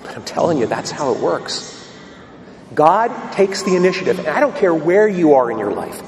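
A man's voice: on the high side, very animated, normal speed, slight background noise. A male priest preaching a sermon in a church, emphatic and storytelling. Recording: echoey hall from a distance.

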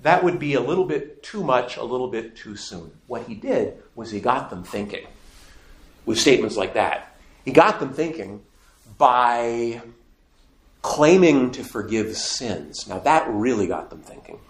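A man's voice: mid-range voice, animated, measured pace. A man teaching a faith class to a live audience, emphatic and asking the room questions. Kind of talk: lively classroom lecture. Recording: echoey room.

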